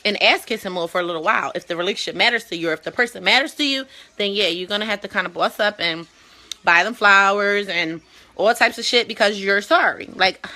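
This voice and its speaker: A woman co-hosting a talk show, chatting casually in a blunt, profane and animated way. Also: medium pitch, a little fast. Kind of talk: casual chat.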